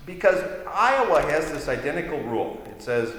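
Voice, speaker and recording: A man giving a legal ethics lecture, pausing often with "uh" fillers and dry asides. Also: fairly high pitch, very animated, a bit bright. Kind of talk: continuing-education lecture. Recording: echoey hall reverb.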